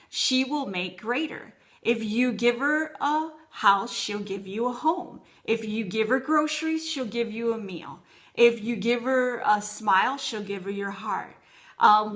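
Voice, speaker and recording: A woman's voice: on the high side, fairly bright tone. A woman in her thirties giving a conversational sermon to women, telling personal stories with quoted dialogue. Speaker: women's ministry speaker.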